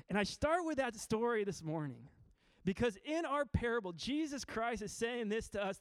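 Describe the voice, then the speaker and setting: High-voiced man preaching a sermon. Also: normal speed, clean tone, no room sound. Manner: storytelling with acted-out quotes, lively and emphatic. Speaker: pastor.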